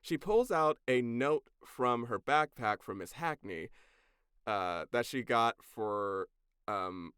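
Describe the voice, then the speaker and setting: A man co-hosting a podcast, recapping a cartoon episode in a casual, sarcastic, animated way. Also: medium pitch, slow, smooth, no echo, clean studio sound. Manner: animated, sarcastic storytelling with profanity. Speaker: podcast co-host.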